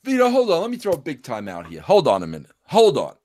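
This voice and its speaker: A man's voice: on the high side, fast talker. A man hosting a casual podcast conversation, pressing his points and addressing his guest over and over as bro. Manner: animated, keeps saying "bro". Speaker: podcast host.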